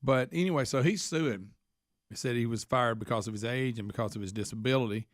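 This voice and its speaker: A man retells a news story on the radio, chatty and full of asides. His voice sits at a middle pitch, recorded close and dry in a studio. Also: brisk, no echo. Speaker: radio show co-host. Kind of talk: casual radio banter, reading news stories.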